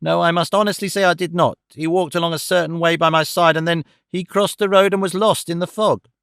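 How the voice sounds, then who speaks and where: A man voicing a fussy, old-fashioned elderly gentleman witness who speaks in a quavering, formal way. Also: a little high, fairly even intonation, fairly quick, vocal fry, clean tone, no room sound, clean studio sound, voice pushed up. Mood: earnest.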